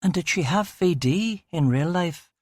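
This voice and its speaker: A teasing, sentimental young woman in a crime audiobook, her voice lifted higher and quieter than the rest of the reading, as a male narrator puts her on. She asks her questions lightly and playfully. The recording is dry and close. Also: lively intonation, measured pace, no echo. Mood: wistful.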